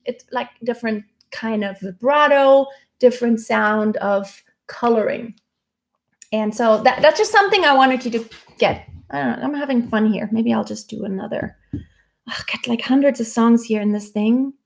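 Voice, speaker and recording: A woman's voice: on the high side, normal speed, creaky. Chatty woman teaching singing. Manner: chatty, demonstrating by singing snippets. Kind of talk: casual vocal lesson with sung examples. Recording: loud music playing behind.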